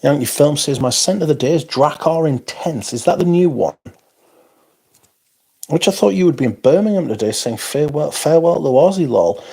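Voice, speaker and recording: A man's voice: fairly high pitch, lively intonation, moderate pace, vocal fry, warm tone, slightly rough. A man hosting a casual livestream, tired, rambling and self-deprecating as he reads out viewer comments. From North East England. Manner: rambling, self-deprecating, frequent yawns and interjections. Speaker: livestream host.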